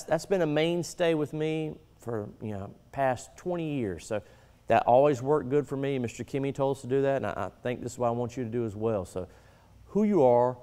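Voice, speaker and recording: A karate instructor talks his students through tournament etiquette in a firm, coaching way, often checking in with "all right?". His voice sits at an ordinary middle pitch for a man. The sound rings with a long hall reverb. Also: a little mellow. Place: martial arts school, indoors.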